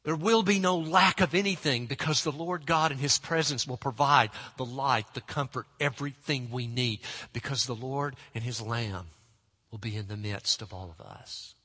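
A man preaching a sermon, earnest and emphatic, slowing down and dropping to a hushed, prayerful tone at times. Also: mid-range voice, husky, in a large hall.

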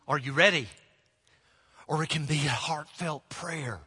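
Male preacher, bright and forceful tone, slightly higher voice, deliberate emphatic delivery with hushed prayerful drops, long church-hall reverb. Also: husky. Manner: earnest, slow and emphatic, dropping to hushed prayerful tones. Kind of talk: sermon.

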